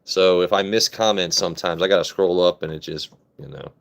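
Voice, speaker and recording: A man in his late thirties from Maryland, talking casually into his phone during a live stream. His voice sits a little low, and he rambles, jokes and swears freely as he reads out viewer comments. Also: a little fast, gravelly. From Maryland, USA. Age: 30s. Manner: loose, profane, joking banter with chat.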